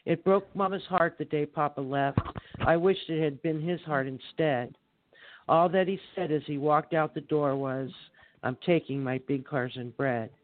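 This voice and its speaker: A man reading his rhyming poem aloud in a measured recital on a live poetry show. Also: a little high, steady tone, a little hiss or hum. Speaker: poet reading on air. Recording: tinny phone line.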